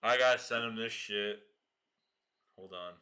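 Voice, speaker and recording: A man hosting a casual livestream, slangy and excitable, swearing and laughing often. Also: lowish voice, unhurried, clear, resonant tone. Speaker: livestream host.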